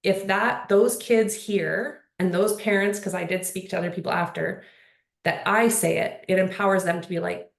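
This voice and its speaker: Woman, panel speaker, mid-pitched, earnest, rambling, filler-heavy, roomy echo. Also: steady tone, moderate pace, gravelly. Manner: earnest, rambling, many fillers like "like" and "you know". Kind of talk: casual panel conversation.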